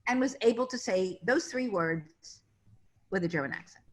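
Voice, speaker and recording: A woman's voice: medium pitch, lively intonation, moderate pace. Chatty woman casting director telling stories. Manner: chatty anecdotes, acting out quoted voices. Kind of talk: casual interview storytelling.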